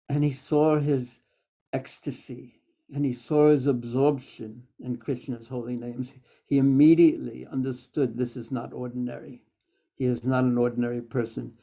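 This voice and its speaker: Man, lecturer, scripture lesson, dark tone, dull lo-fi recording. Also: medium pitch, vocal fry. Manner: recounts stories and quotes verses, with fillers. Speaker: teacher.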